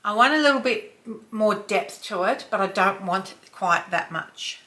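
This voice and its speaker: A woman in her fifties vlogging a makeup tutorial from home. Her voice is bright and her pace is unhurried. She chats away and sometimes sinks into a soft near-whisper while applying shadow. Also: mid-range voice, lively intonation, slight background noise. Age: 50s. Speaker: beauty vlogger. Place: home, dog snoring nearby.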